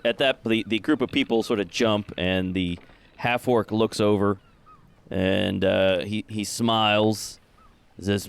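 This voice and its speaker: A man narrating as game master in a tabletop game, with halting delivery full of filler sounds. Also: fairly low pitch, fairly even intonation, creaky, smooth.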